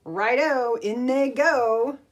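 A woman voicing a sly male dingo cook in a storybook read-aloud, chanting his stew song slowly. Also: fairly high pitch, voice pushed up. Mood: cheerful. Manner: slow sing-song chanting.

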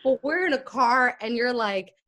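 A woman's voice: fairly high pitch, moderate pace. A young woman guest on a podcast telling a story in casual chat, acting out the dialogue as she goes. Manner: animated, acts out quoted dialogue, laughs often.

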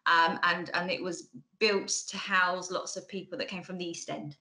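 A woman's voice: fairly low pitch, steady tone, moderate pace, sharp tone, poor audio. Chatty woman with a Mockney accent. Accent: Bracknell, Mockney-like estuary. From England. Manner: chatty, frequent ums and restarts. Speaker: conference speaker. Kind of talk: online conference talk.

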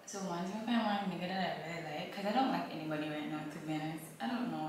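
A young woman vlogging at home, talking bluntly and rambling as she swears and drifts into patois. Her voice sits back from the mic in a very echoey room, with a steady hiss of room noise underneath. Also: mid-range voice, fast, far from the mic. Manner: blunt, rambling, swears freely, mixes in Caribbean-style patois. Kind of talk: casual vlog chat to camera.

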